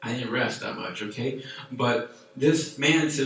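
A man preaching to a youth group in a chatty, animated way with many fillers. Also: mid-range voice, measured pace, a little hiss or hum. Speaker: youth pastor. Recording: echoey room from far off.

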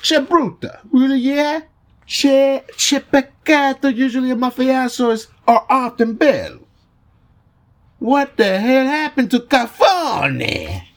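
A man voicing a hammy, menacing Italian mafia boss in a mock Italian accent, with slow, drawn-out, theatrical delivery. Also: medium pitch, expressive, a little mellow, slightly rough, pitched below the performer's own voice. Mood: scornful. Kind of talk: amateur dramatic reading.

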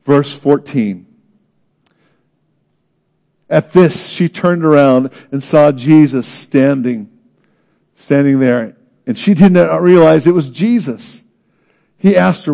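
A man preaching a sermon in an earnest, dramatic way, swinging between loud emphasis and hushed moments. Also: mid-range voice, lively intonation, measured pace, gravelly, long pauses. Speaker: pastor.

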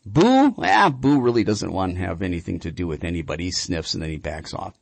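Man, radio show host, chatty storyteller, husky voice, dry close studio sound. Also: deep voice, very animated, a little fast, no echo. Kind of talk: radio call-in show talk.

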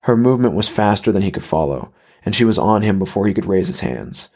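A man reading a horror story aloud in measured, even scripted narration. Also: on the low side.

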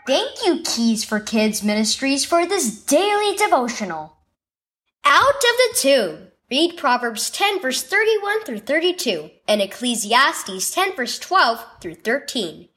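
A woman narrating a scripted children's devotional story with expressive storytelling. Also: fairly high pitch, a little slow.

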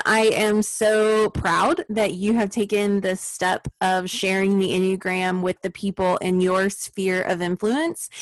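A woman speaking as a podcast guest, offering earnest, measured praise and thanks. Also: medium pitch, dry recording, rough recording. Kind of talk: casual chat.

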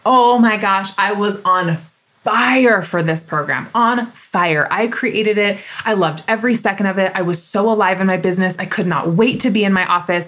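A woman's voice: mid-range voice, fairly bright tone. Woman, 30s, solo podcast host; emphatic, fired-up, candid delivery.

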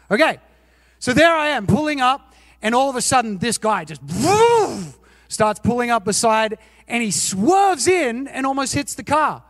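A man's voice: extremely high pitch, no room sound, big-room sound. A male pastor preaching a sermon, telling self-mocking personal stories and asking his listeners questions. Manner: animated, self-mocking, asks the audience questions.

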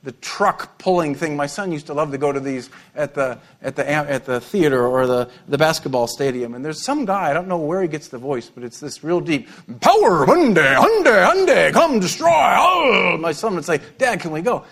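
A middle-aged male pastor preaching an animated sermon, with humorous asides and repeated words. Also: on the high side, brisk, few pauses.

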